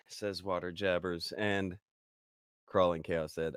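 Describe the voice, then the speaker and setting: A man's voice: deep voice, animated, unhurried, vocal fry, long pauses, no room sound, clean studio sound. Man hosting a casual stream. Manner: casual, reads chat comments aloud. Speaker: host.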